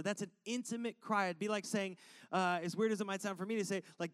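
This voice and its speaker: High-voiced man preaching a sermon. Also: normal speed, smooth, dry recording. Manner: energetic, conversational, emphatic repetition. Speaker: pastor.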